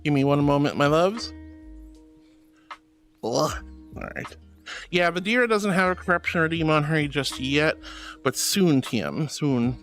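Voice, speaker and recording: A woman streamer in a casual live chat. Her voice swoops up and down in a lively way as she protests in mock outrage and greets her viewers fondly. Soft music runs faintly underneath. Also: low voice, a little slow, long pauses. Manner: playful and theatrical, mock-indignant protests.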